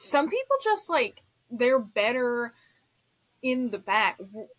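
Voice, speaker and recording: A woman's voice: on the high side, big pitch swings, slow pace, a bit bright. A young woman co-hosting a podcast, backing up her friend in casual chat with frequent agreeing remarks. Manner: supportive, frequent "yeah" agreement. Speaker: podcast co-host.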